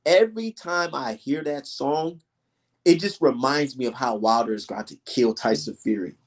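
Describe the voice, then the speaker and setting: A young man hosting a casual livestream, telling stories in an emphatic, profane, animated way. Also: medium pitch, moderate pace. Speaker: livestream host.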